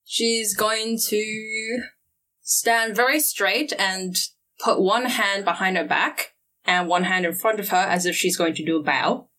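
A woman's voice: medium pitch, a little slow, sharp tone, poor audio. A woman playing a tabletop role-playing game, switching between narrating her character and sly, playful haggling. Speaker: player.

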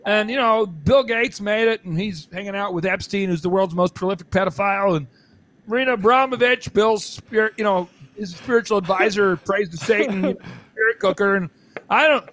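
A man's voice: sits high, a bit bright. A man talking as a podcast guest, rambling and joking with emphatic restarts. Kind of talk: excited podcast interview talk.

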